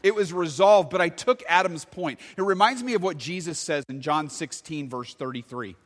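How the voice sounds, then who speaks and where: A man, preaching a sermon and telling a story with sudden loud bursts. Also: a little high, moderate pace, in a large hall. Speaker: pastor.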